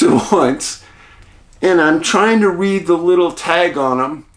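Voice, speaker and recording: A middle-aged man, host of his channel, casually telling a story to the camera in a chatty, animated way, quoting the people he met. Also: fairly high pitch. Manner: chatty, animated retelling with quoted dialogue. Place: rural home outdoors.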